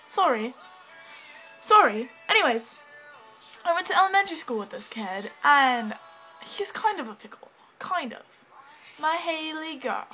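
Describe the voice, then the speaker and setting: A woman's voice: high-pitched, animated, unhurried, pauses often, sharp tone, faint music behind, low-quality recording. A woman rambling to her camera at home in a put-on English accent, bubbly and scattered, giggling and cutting herself off. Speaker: vlogger. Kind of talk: rambling casual vlog talk. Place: at home indoors, with a cat.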